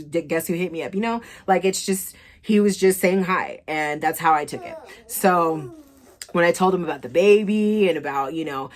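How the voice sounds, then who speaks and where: Young woman vlogger, deep-set voice, candid and profane storyteller. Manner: candid, blunt, swears freely, acts out both sides of texts. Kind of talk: storytime vlog.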